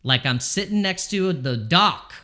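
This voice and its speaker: Guy freaking out over his live crypto trades, bright forceful voice, keeps repeating himself. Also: sits high, lively intonation, measured pace. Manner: anxious, pleading with the market, repeating himself. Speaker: crypto trading streamer. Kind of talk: live trading stream commentary. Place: home.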